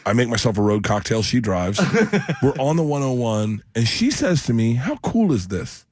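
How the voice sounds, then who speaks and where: A man's voice: medium pitch, moderate pace, a little mellow. A middle-aged man, a comedian guest in a radio studio, telling a rambling story and acting out the voices of the people in it. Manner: rambling, acts out quoted voices.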